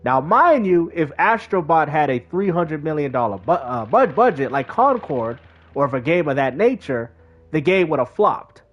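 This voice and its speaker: The highs are cut off as this man, his voice a little high, streams a game at a moderate pace. He keeps up casual, animated commentary, talking to his chat in slang.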